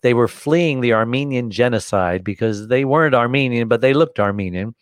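An older American man, a guest on an interview show, telling a story in an animated way and acting out the voices of the people in it. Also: mid-range voice, moderate pace, dry recording. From United States. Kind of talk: storytelling in conversation.

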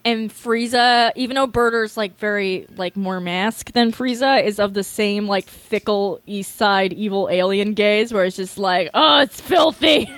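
A woman's voice: medium pitch, steady tone, measured pace, hardly any pauses, no room sound. A woman co-hosting a podcast in casual chat, telling a story with lots of fillers and swearing. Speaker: podcast co-host recapping episodes.

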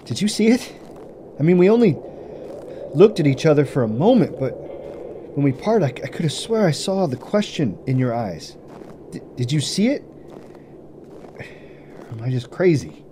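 A man's voice: a little high, big pitch swings, moderate pace, pauses often, dark tone, slight background noise. An actor playing a frightened male psychologist lost on a hunt in the woods, stammering nervously as he talks himself down. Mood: anxious. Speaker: hunter. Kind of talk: audio drama acting.

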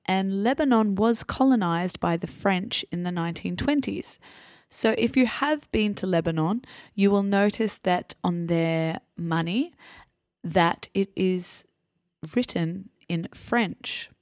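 Aussie woman hosting a learner podcast, slow careful explaining, dry close mic. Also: lowish voice, darkish tone, dry recording. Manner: slow, clear teacherly explaining. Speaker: podcast host.

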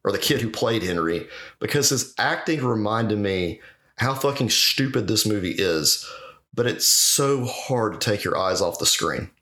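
Man, low voice, very lively pitch, casual podcast movie chat, swears and laughs a lot. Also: unhurried. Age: adult, married. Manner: animated, swearing, laughs often. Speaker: podcast co-host.

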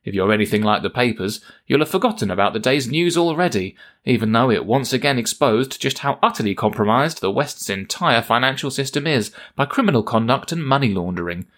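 A man's voice: mid-range voice, lively intonation, a little fast, hardly any pauses, fairly bright tone. A man hosting a satirical news segment with a wry, mock-solemn delivery. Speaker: host.

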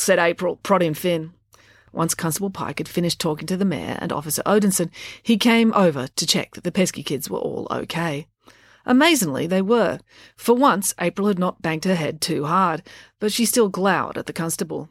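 Children's author reading a bedtime story, lowish voice, dry close sound. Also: female voice, fairly quick, dry recording. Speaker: podcast host and children's author.

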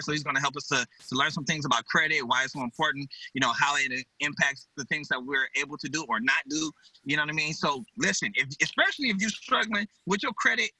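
A man's voice: a little high, bright, forceful tone, dry recording, low-quality recording. A man co-hosting a casual podcast, laid-back and full of slang as he hypes up listeners. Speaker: podcast co-host. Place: home, lawn mower outside.

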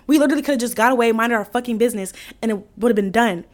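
A young woman with a fairly high voice tells a story on her podcast. She talks casually and swears freely. She acts out every line of dialogue with lively emphasis. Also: rapid-fire. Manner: animated, profane, acts out quotes with laughs. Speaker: podcast host.

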